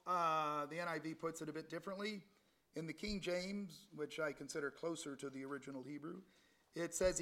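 Man, middle-aged, lay sermon, high voice, conversational preaching. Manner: conversational preaching, animated scripture reading. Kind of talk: bible teaching sermon.

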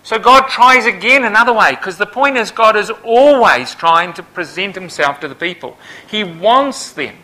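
A man preaching a Bible sermon who swells to loud, emphatic peaks and then drops back to a low, quiet delivery. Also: expressive, moderate pace, hardly any pauses, poor audio.

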